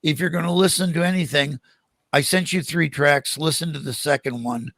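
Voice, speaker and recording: Gravelly older man telling stories. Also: on the high side, moderate pace, dry recording. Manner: animated anecdotes with acted-out quotes. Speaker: guest. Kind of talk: casual storytelling interview.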